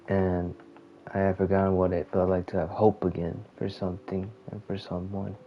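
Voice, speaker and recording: A man casually venting about his life while playing a game, rambling and halting, often trailing off quietly. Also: low voice, a little hiss or hum. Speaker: gamer venting. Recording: muffled lo-fi audio with faint game music.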